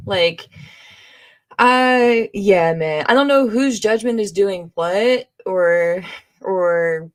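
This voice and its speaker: A woman hosts a live podcast stream, reading viewer comments aloud in a loose, chatty manner, laughing often and tossing in exasperated, eye-rolling asides. Her voice is mid-range and her pace slow.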